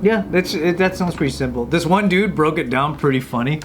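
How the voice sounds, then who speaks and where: Reactive, lively podcast host. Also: medium pitch, fairly quick, noisy background. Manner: laughing, reactive, brief interjections. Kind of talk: casual chat.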